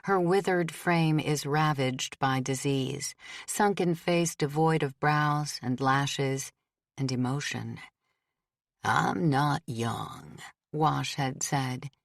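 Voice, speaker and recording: Low-voiced woman narrating an audiobook. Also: no echo, clean studio sound. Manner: measured, steady reading. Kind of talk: scripted narration.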